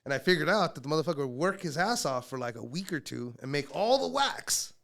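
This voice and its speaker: A man guesting on a podcast, telling stories in casual chat, heavily profane and animated, often slipping into the voices of people he quotes. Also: a little high, quick pace, vocal fry.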